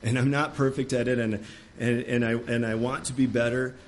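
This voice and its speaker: Man preaching an earnest, excitable sermon. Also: moderate pace, a little hiss or hum. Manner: voice climbs high and loud when worked up. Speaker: pastor.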